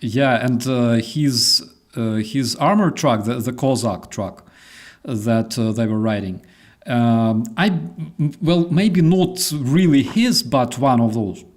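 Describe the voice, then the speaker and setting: A man with a Ukrainian accent hosting a casual chat, telling a story in a halting, relaxed way. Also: medium pitch. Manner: halting, full of fillers and restarts, relaxed. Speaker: host.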